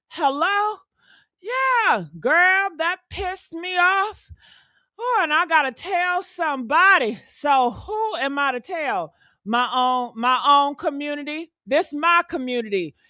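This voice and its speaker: A woman's voice: high voice, pushed and bright, no room sound, studio quality. Fired-up sassy woman ranting on a live stream. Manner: fired-up, sassy, calls viewers honey and baby.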